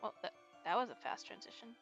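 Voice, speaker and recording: A young woman giving relaxed, chatty commentary while playing a video game. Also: quick pace, highs cut off, faint music behind. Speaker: let's play gamer.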